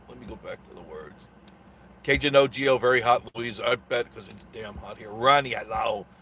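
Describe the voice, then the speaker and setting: A man's voice: mid-range voice, fairly bright tone, a little hiss or hum. Sarcastic rambling man on a live stream. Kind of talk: casual live stream chat.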